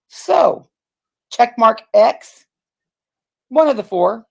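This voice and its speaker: A woman's voice: a little high, lively intonation, takes it slowly, creaky, pauses often. A woman on a livestream who talks bluntly and mockingly and swears freely. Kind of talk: casual livestream chat.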